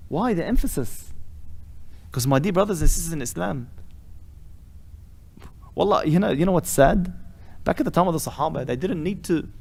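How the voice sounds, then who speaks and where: Guy preaching a sermon, voice sits a bit high, keeps firing off emphatic rhetorical questions. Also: darkish tone. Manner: rising to emphatic, rhetorical questions, with Arabic phrases. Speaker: sheikh giving a weekly lesson. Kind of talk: impassioned sermon.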